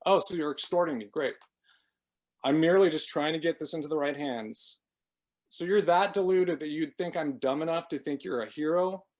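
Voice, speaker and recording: A man's voice: on the high side, normal speed, darkish tone, lightly acted. Man voicing a bitter, cornered woman. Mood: sarcastic fury. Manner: bitter, sarcastic outbursts. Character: furious sobbing woman, cornered.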